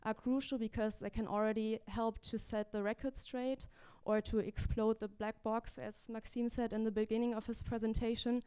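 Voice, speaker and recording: Woman reading legal remarks at a panel, steady and flat, smooth clean voice. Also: on the high side. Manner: measured, formal, with small restarts. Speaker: legal advocate presenting at a panel. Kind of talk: read prepared remarks. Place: gallery event hall.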